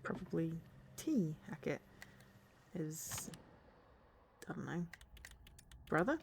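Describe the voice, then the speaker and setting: A woman's voice: low-pitched, big pitch swings, slow, vocal fry, a little mellow, a little hiss or hum. A woman streamer casually commenting on a game, thinking aloud and reading on-screen text.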